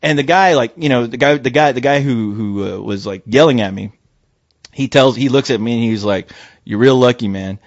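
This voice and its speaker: A man co-hosting a podcast, telling a story in casual chat, swearing and breaking into shouted impressions. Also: medium pitch, fairly quick, no echo. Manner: animated, swearing, jumps into loud shouted impressions of people. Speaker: podcast co-host. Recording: dry, dull lo-fi audio.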